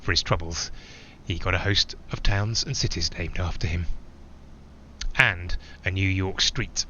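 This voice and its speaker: A man's voice: low voice, a little slow, pushed and bright, lo-fi sound, a little hiss or hum, full character voice. An actor playing a man flying alone, who talks in a reflective, digressive way with small hesitations. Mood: musing. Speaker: narrator-pilot. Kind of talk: theatrical monologue.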